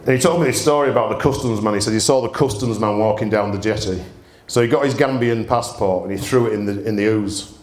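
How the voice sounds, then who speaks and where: A man's voice: lowish voice, quick pace, hardly any pauses, darkish tone. A man, hosting a gin tasting and telling humorous stories in a chatty way, laughing often. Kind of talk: anecdotal storytelling presentation. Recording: roomy echo.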